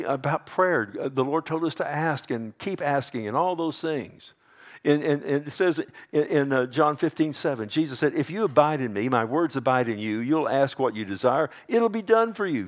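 A middle-aged male pastor preaching a sermon, swinging from hushed, drawn-out whispers to loud, emphatic declarations. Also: mid-range voice.

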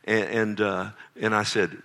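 A middle-aged man preaching a sermon, animated, full of rhetorical questions. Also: on the low side, measured pace, creaky. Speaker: pastor. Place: church sanctuary.

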